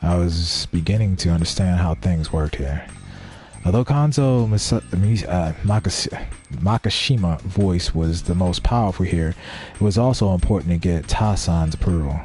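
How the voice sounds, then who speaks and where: A man's voice: low-pitched, animated, moderate pace, warm tone. A man casually reading a visual novel aloud, voicing its characters and swearing now and then. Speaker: let's play streamer.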